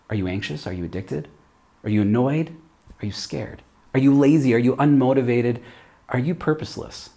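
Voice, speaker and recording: A man's voice: mid-range voice, mellow. Man preaching a casual video sermon. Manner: conversational, asks many rhetorical questions.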